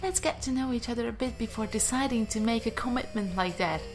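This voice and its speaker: A woman's voice: brisk, close to an everyday voice. A woman putting on a shy, girly date voice. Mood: wary. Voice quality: high, girly put-on voice.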